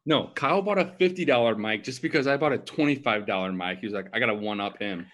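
A young man teasing his friends with quick questions on a casual podcast. He talks in a light, ribbing way. He is on a cheap USB mic. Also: medium pitch, expressive, fairly bright tone. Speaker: podcast co-host. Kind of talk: casual chat.

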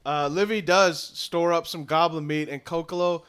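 A man guides a tabletop game as its game master, describing scenes in a relaxed, rambling way with plenty of restarts. His voice is slightly high and notably bright. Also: moderate pace, clean tone. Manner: descriptive, easygoing, with frequent restarts.

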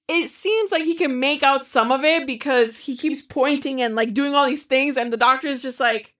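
A woman in casual chat, retelling a movie in a lively way, swearing freely and acting out the characters' lines. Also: sits high, normal speed. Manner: animated storyteller, swears freely, acts out quotes.

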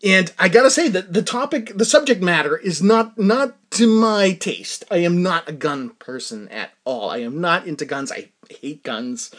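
A man hosting a casual music reaction, excitable and laughing often as he tells stories. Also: high voice.

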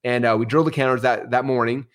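A middle-aged man, a podcast guest, telling stories in a casual, animated way. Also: medium pitch, fast talker. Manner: animated, swings into excited outbursts. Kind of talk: casual storytelling.

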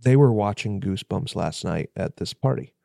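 A man's voice: on the low side, animated, normal speed, vocal fry, mellow, no room sound, clean studio sound. A man co-hosting a casual podcast, hesitant and full of fillers. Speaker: podcast co-host. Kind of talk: casual chat.

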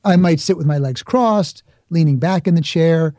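Here a Bronx-born, middle-aged podcast guest speaks at an ordinary pace with a fairly high, dark voice, recorded dry. In this conversational interview he reflects and explains, illustrating points with examples and little acted-out asides.

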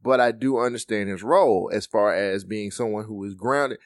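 A podcast co-host with a fairly low voice chats casually about a movie at a moderate pace, animatedly acting out its lines in quotes. The recording is dry, with clean studio sound.

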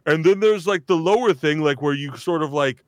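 A man's voice: fairly high pitch, normal speed, no echo, clean studio sound. A man hosting a casual chat, rambling with constant fillers and restarts. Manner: rambling, heavy use of "like", restarts. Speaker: host, voice actor.

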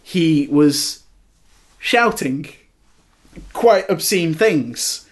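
A young man hosting a podcast, chatting casually and telling an animated story with mimicked outbursts. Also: on the high side, extremely slow. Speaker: podcast host. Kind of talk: casual chat.

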